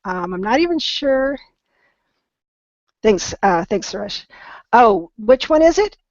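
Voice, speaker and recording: A patient woman teaches English online, slowing down to model each word with gentle encouragement. The recording is dry and close, with a slightly dull, lo-fi tone. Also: fairly high pitch, very animated, no echo. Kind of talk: online pronunciation lesson.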